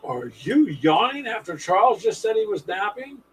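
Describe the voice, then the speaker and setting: A man's voice: sits high, big pitch swings, normal speed, a little hiss or hum, poor audio. A man hosting a casual live stream, chatting with viewers in a folksy, sarcastic way.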